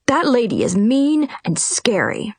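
A woman doing a gruff bossy knight guard. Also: fairly high pitch, wildly swooping pitch, a little slow, no room sound, voice pushed up, heavily acted. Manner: barking orders.

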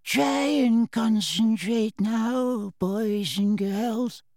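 A mild, fussy old wizard examiner, as a male narrator puts him on, speaking softly and very slowly in a raised, thin voice. The storybook voice sits dry and close, with no room around it. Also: high voice, dry recording, voice pushed up, heavily acted. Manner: soft-spoken, slow and fussy. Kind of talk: audiobook character voice.

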